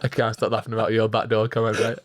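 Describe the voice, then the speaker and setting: A man's voice: lowish voice, completely flat delivery, quick pace, slight background noise. A young man co-hosting a podcast, telling a parenting story in an earnest, reflective way with lots of fillers. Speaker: podcast co-host. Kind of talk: casual chat.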